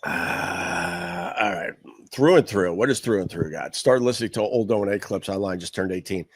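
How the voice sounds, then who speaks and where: A middle-aged man from Long Island hosts a livestream, rambling bluntly and swearing freely in a deep, low voice. The sound is dry and close, with no room around it. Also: normal speed, breathy edge, no room sound. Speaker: podcast host. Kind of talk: casual livestream chat.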